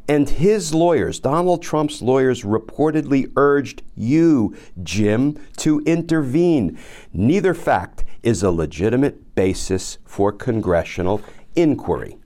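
A man's voice: medium pitch, very animated, takes it slowly, warm tone. A man hosting a legal commentary podcast, reading a letter aloud and paraphrasing it with sarcastic asides. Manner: sarcastic, addresses the absent target by name; reads quoted letter aloud then paraphrases it. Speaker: podcast host.

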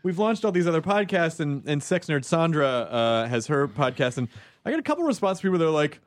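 Male podcast host telling comic stories, a bit high-pitched, voice leaping all over. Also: fairly quick. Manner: animated, swings pitch up for quoted voices. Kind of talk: casual comedic storytelling.

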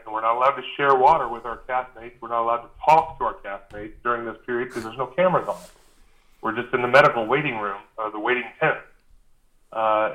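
A man of ordinary pitch, his voice bright and forceful, recalls an ordeal as a guest. He tells it in a relaxed, animated way, acting out the back-and-forth dialogue and often filling pauses with "uh". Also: lo-fi sound. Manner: animated, acts out dialogue, frequent "uh" fillers. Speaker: guest recalling a reality show. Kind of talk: casual storytelling.

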